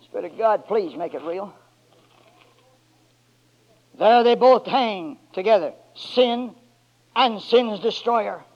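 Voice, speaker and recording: A man preaching a sermon, moving from quiet low passages to loud, drawn-out, shouted climaxes with emphatic words that call for a response. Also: expressive. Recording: dull lo-fi church recording.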